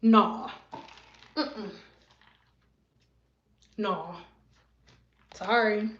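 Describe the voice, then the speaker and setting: A woman's voice: mid-range voice, extremely slow, echoey room, muffled recording. A woman in her thirties, a hairstylist, ranting bluntly and sassily in a casual vlog, acting out chats with her clients, recorded in a bathroom. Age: 30s. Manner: sassy, blunt, acts out client exchanges. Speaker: hairstylist vlogger. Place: bathroom at home.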